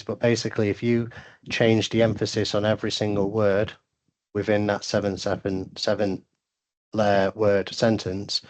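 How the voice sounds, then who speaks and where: A man speaking as a sales consultant guest on a webinar, giving earnest advice and often repeating words as he starts a thought. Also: fairly low pitch.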